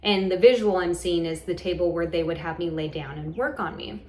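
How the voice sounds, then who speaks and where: A woman's voice: on the low side, fairly quick, a little mellow, roomy sound. A woman casually telling a personal story to camera, rambling, with lots of "like" and "um" and frequent restarts. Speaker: vlogger recounting a hypnosis session.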